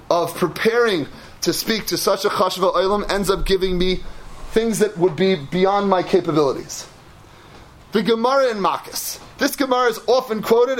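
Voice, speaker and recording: Guy with a really high voice giving a fired-up sermon, gets loud at times. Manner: animated, rising to shouts, mixing Yiddish and Hebrew terms. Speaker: rabbi giving a Torah talk. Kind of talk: animated sermon.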